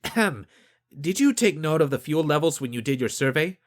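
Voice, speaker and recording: A man voicing a clever young crewman who argues regulations in a calm, methodical way. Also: a little high, a little fast, pitched above the performer's own voice. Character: clever young man, precise crew accountant.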